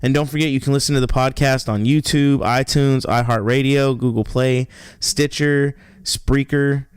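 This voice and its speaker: A man co-hosting a podcast, telling stories in an animated way and laughing often. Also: medium pitch, normal speed, clean tone, dry recording, clean studio sound. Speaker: podcast co-host. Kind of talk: casual chat.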